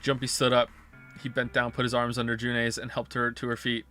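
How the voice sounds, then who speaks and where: A man's voice: medium pitch, monotone, brisk, pushed and bright, soft background music. A male streamer reading a visual novel's text aloud and breaking off into wry, sarcastic asides.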